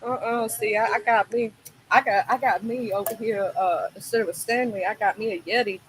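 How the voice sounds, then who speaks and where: A woman's voice: on the high side, steady tone, a little fast, slight background noise, rough recording. A woman with a Southern US accent, chatting in an outspoken, playful way and laughing often. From American South. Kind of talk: casual chat.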